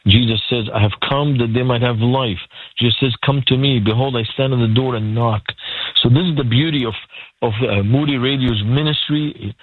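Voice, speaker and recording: A man's voice: mid-range voice, slightly rough, no echo. A man with a Lebanese accent speaking earnestly as a guest on a radio program, preaching and acting out quotes. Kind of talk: radio call-in guest testimony. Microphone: phone call. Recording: tinny phone line, dry.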